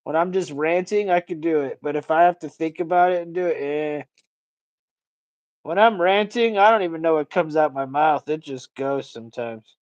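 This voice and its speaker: A man chatting on a livestream in a loose, rambling way, cursing freely and ranting off the top of his head. His voice sits high for a man, and the sound is very dry and close. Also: moderate pace, dry recording, highs cut off. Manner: rambling, profane, ranting storyteller. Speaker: livestream host. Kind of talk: casual livestream chat.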